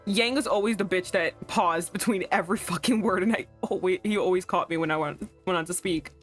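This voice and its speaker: A young woman streaming a romance game, reacting out loud with frequent swearing and exasperation. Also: on the low side, brisk. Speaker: streamer playing a romance visual novel. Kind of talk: casual live-stream commentary. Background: faint game music.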